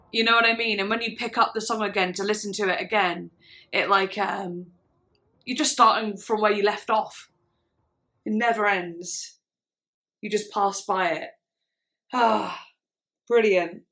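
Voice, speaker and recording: Bright, gushing woman reacting to music. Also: a little high. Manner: gushing and enthusiastic. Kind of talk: casual reaction commentary.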